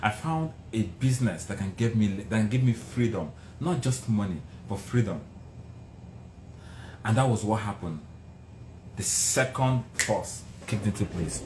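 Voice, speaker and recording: A man giving a passionate motivational speech about success. He builds from low, measured lines to raised, emphatic ones. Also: animated, darkish tone, a little hiss or hum. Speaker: motivational speaker. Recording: roomy echo.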